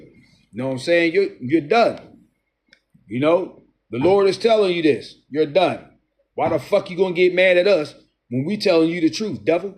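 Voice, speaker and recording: A man with a slightly raised voice preaches in a combative, profane way. He reads verses slowly, restarts lines, and jabs at his listeners between passages. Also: a little high, lively intonation. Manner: profane, taunting, addresses listeners as devil. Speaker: street preacher. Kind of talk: confrontational scripture-reading sermon.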